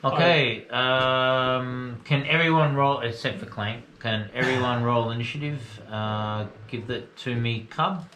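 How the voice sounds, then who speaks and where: A man running a tabletop game as game master, unhurried and halting with fillers. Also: mid-range voice, bright, forceful tone, reverberant, slight background noise, low-quality recording.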